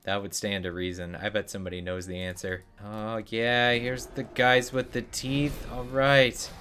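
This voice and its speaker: A man's voice: on the low side, flat delivery, measured pace, a bit bright, a little hiss or hum. A young man streaming a game, giving casual commentary full of sarcastic jokes and muttered asides.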